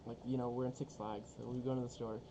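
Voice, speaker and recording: A man's voice: medium pitch, little pitch movement, fast talker, mellow, a little hiss or hum, poor audio. Young man, profane rambling storyteller. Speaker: co-host telling a story. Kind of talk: casual storytelling vlog.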